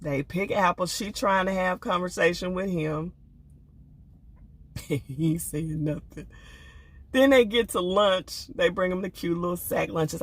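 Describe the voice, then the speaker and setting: A woman's voice: fairly low pitch, unhurried. An older woman, giving casual commentary on a reality show with sassy, laughing asides. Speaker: reality TV reviewer.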